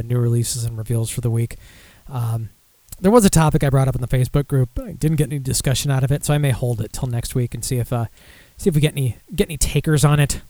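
With a medium-pitched, dark-toned voice and a dry recording free of room sound, a young podcast host works through the latest beer news. He's casual and rambling, uses lots of fillers, and pokes fun at himself.

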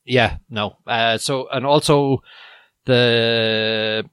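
A man's voice: medium pitch, extremely slow, clear, resonant tone, dry recording. Guy co-hosting a podcast, laughs a lot, does little voices, dry sound. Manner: animated, laughs a lot, acts out quotes. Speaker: podcast co-host. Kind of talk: casual chat on a video call.

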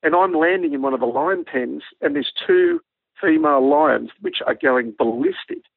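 Aussie bloke spinning a yarn, husky, dry, tinny phone line. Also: male voice, fairly high pitch, moderate pace, dry recording. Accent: Australian. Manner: animated yarn-spinning, acts out quoted dialogue. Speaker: guest, former army helicopter pilot. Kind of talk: storytelling anecdote on radio.

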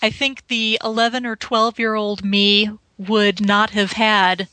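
A woman's voice: mid-range voice, little pitch movement, a little slow, sharp tone, no room sound, low-quality recording. A woman in her forties on a podcast, chatting casually and thoughtfully with frequent fillers. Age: 40s. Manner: thoughtful, hesitant, fillers and "you know". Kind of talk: casual chat.

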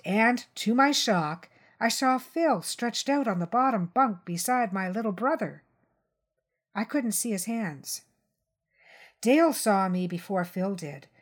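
A woman reading a crime short story aloud in a measured narration. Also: medium pitch. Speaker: reader.

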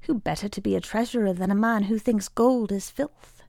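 Woman doing a blunt, scornful old anarchist man, gravelly, slow and defiant. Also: mid-range voice, steady tone, warm tone, no room sound, clean studio sound, close to an everyday voice. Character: stubborn old male anarchist treasurer, gruff.

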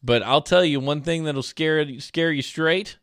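A man's voice: on the high side, a little slow, clean tone, no echo, studio quality. A man from South Alabama, chatting casually as a streamer and rambling through stories. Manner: rambling, animated storyteller. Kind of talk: casual chat.

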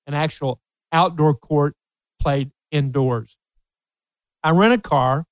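A man hosting a talk show, telling a coaching story in an animated way and laughing often. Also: fairly high pitch, slow, clear, resonant tone, no echo. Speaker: host, tennis coach. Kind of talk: storytelling in casual chat.

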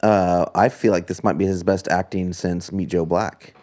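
A man's voice: low voice, fairly even intonation, normal speed, a little mellow. A man co-hosting a casual movie chat, offhand and opinionated. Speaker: podcast co-host.

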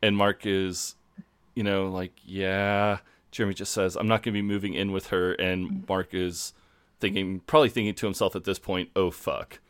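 Low-voiced man, podcast co-host. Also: flat delivery, moderate pace, smooth, no room sound. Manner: laughing, swearing storyteller who acts out quotes. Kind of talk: casual chat recapping a TV episode.

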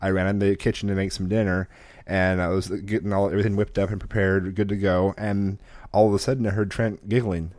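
A man's voice: sits low, level tone, a little fast, darkish tone, no room sound. A young man hosting a podcast in casual chat, rambling and laughing, with frequent restarts. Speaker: podcast host. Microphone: podcast microphone.

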